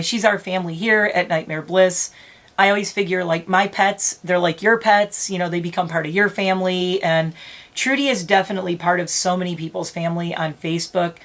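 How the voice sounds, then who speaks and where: Near tears yet laughing through it, a middle-aged woman rambles in an emotional, casual vlog. Her voice sits fairly low and sounds a bit bright.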